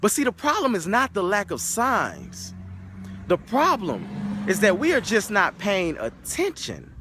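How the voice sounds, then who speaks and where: A man's voice: high voice, huge pitch swings, a little slow, bright, forceful tone, slight background noise. A man giving an emphatic motivational talk that opens with a told story. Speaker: motivational speaker.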